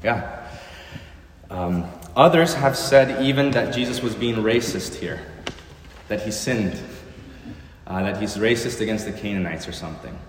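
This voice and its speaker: A man's voice: lowish voice, unhurried, pauses often, a little hiss or hum. Man preaching in an echoey church hall. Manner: earnest preaching with rhetorical questions. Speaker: pastor. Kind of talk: sermon.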